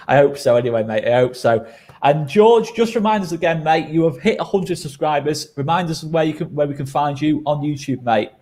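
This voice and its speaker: A man's voice: a little high, normal speed, darkish tone. A man hosting a casual football fan chat, bantering and laughing in an exasperated way. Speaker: host.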